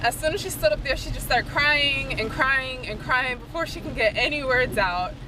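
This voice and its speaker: A woman's voice: sits high, moderate pace, background noise. A young woman in casual vlog chat, telling a rambling story with lots of fillers. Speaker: vlogger. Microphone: handheld compact camera.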